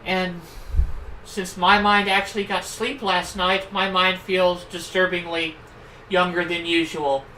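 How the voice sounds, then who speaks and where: A woman's voice: fairly low pitch, little pitch movement, unhurried, sharp tone, a little hiss or hum. A woman whose first language is German, streaming a game and rambling through casual asides with a sore throat from a cold. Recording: roomy, distant mic.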